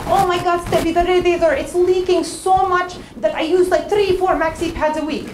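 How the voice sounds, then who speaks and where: A young woman telling a comic story on stage, animated and sarcastic, at a live venue. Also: very high voice, normal speed, hardly any pauses, background noise.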